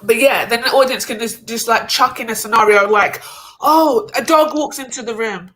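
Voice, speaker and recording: A woman hosting a casual livestream panel over a video call, talking fast and loose with lots of fillers and slang. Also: on the high side, a bit bright, a little hiss or hum, poor audio. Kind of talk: casual chat.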